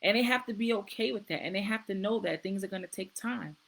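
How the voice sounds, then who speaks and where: A woman's voice: medium pitch, fast, vocal fry, rough recording. A middle-aged woman, a nurse practitioner, hosting a casual live-stream talk, earnest and repeating herself as she goes. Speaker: host.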